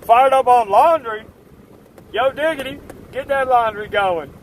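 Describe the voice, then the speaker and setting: A man's voice: very high-pitched, a little slow, slight background noise. A man hosting a live stream, talking casually to his chat in assertive, fired-up rants. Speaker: livestream host.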